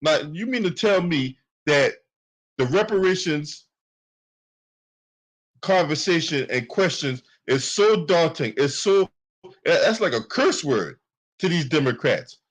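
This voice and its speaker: Male commentary host, AAVE speech, heated profane rant, slightly higher-pitched voice. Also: expressive, slow, pauses often. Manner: heated, profane, repetitive ranting. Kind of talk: angry political commentary.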